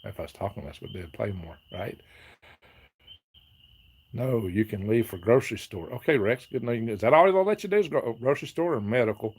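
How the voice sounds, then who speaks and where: A man's voice: on the low side, expressive, moderate pace, a little hiss or hum. A man hosting a casual live stream, reading viewer comments aloud, chatting and laughing often. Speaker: livestream host reading chat.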